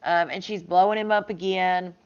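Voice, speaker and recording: A woman's voice: on the low side, steady tone, moderate pace, a little mellow, clear, resonant tone. A woman chatting casually about a true crime case, reading out text messages with lots of "like" and incredulous asides. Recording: slightly dull lo-fi audio.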